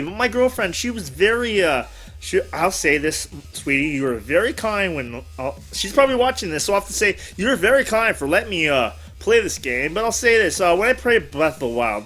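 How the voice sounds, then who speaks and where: Chatty male host, very animated and bright, with quiet music underneath. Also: high voice. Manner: rambling, animated, self-correcting. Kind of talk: casual interview chat. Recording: background music.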